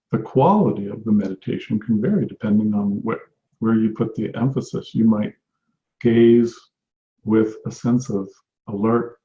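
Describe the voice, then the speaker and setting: A man with a mellow, gravelly voice gives a meditation teaching, speaking slowly and reflectively and often restarting his phrases. The recording is roomy and echoey, with a dull, lo-fi sound. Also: lowish voice, a little hiss or hum. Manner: unhurried and reflective, with frequent restarts. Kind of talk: spoken teaching talk on meditation.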